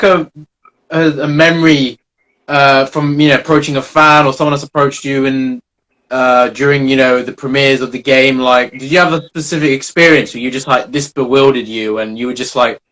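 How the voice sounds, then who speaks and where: A man's voice: mid-range voice, fairly bright tone, rough recording. Man asking rambling interview questions. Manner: rambling, filler-heavy questions.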